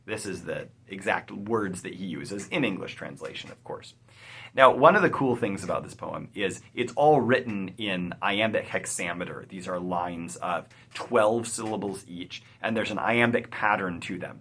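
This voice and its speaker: A man hosting a poetry channel, explaining a poem in an animated, emphatic way, with some fillers. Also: lowish voice, measured pace, husky. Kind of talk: explanatory video lecture.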